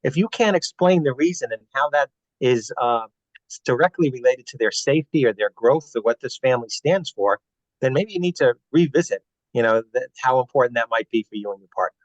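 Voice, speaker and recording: A man's voice: medium pitch, lively intonation, a little fast, no room sound. A man speaking earnestly as a guest on a webinar, advising parents on family values. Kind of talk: webinar talk. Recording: dull, dry webinar audio.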